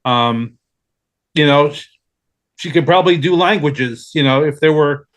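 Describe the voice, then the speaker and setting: A man's voice: on the high side, measured pace. A man on a casual discussion panel, rambling and hesitant with many fillers.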